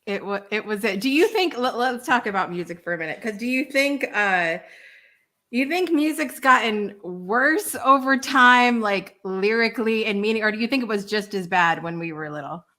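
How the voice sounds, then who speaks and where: A woman hosts a live morning talk show. She has a bright, sharp voice and keeps the chat moving with quick replies and frequent laughter. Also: medium pitch, animated. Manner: chatty, laughs often, quick back-channel replies. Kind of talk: casual chat.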